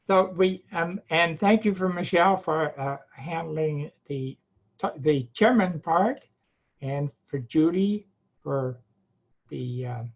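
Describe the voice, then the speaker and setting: A man with a Devon accent, club president, giving closing remarks at an online meeting in a halting way, with many fillers and restarts. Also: a little high. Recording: dull, lo-fi video call audio.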